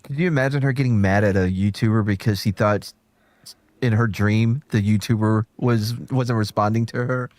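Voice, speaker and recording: A man's voice: on the low side, steady tone, moderate pace, darkish tone, no echo. A man hosting a casual chat show, crude, joking and rambling. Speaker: host.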